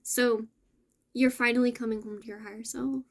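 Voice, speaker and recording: A woman hosting a casual spiritual message for her viewers, gentle and affirming, with soft laughs and self-corrections. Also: fairly high pitch, steady tone, normal speed. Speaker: spiritual channel host.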